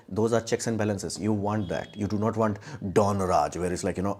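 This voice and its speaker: Blunt, rambling man with a low voice. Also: animated, fairly quick, few pauses, a little mellow. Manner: blunt, sarcastic, mocks views in put-on quotes; rambling, many fillers and restarts. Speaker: live streamer. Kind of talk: casual live-stream commentary.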